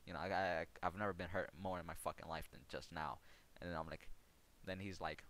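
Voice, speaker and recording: A man's voice: deep voice, flat delivery, fairly quick, fairly bright tone. A young man streamer telling a sarcastic, heavily profane story about a gaming rival, mocking him throughout. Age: young adult. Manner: sarcastic, swears constantly.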